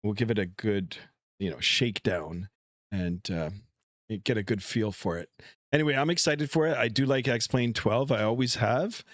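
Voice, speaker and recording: A man's voice: fairly low pitch, moderate pace, no echo. A middle-aged man talks casually into a headset mic, rambling through his setup with lots of "uh"s. His voice is dry and close, with no room around it. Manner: relaxed, rambling, many fillers. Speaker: flight sim streamer. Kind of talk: casual live-stream chat. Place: home room.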